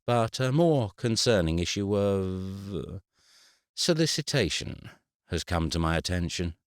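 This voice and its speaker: Formal unbending solicitor, slow and measured, deep voice, read by a male narrator. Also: lively intonation, no echo, clean studio sound. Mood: cool.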